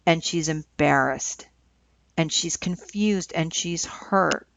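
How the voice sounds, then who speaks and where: A woman's voice: on the low side, creaky, dry recording. A woman telling a story in a casual, conversational way, with fillers. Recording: dull lo-fi recording.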